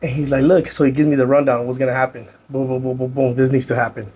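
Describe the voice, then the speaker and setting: A man, a podcast guest casually telling his own story in animated slang and acting out what others said. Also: medium pitch, fast, slightly rough. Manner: animated, acts out other people's lines, heavy slang.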